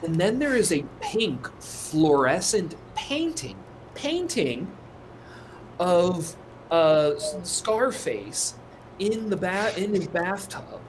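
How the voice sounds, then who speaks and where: A man co-hosting a casual livestream chat, rambling through a story and swearing freely. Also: fairly high pitch. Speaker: co-host. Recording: noisy background.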